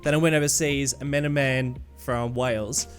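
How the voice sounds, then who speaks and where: A male podcast host chatting casually and spinning anecdotes, acting out the voices of people he quotes. His voice sits at a middle pitch. Faint background music plays under the talk. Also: moderate pace. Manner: animated storyteller, acts out quoted voices.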